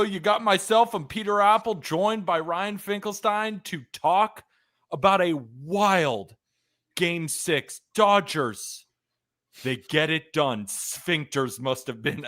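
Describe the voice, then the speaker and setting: A man hosting a live sports podcast, reacting excitedly and rambling after a game. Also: high-pitched.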